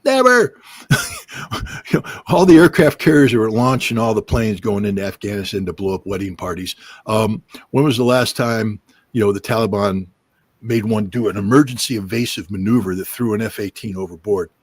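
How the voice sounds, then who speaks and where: A man's voice: on the low side, fast, darkish tone, breathy edge, no echo. A middle-aged man giving emphatic political commentary on a livestream, hammering points with repetition and mocking quotes of officials.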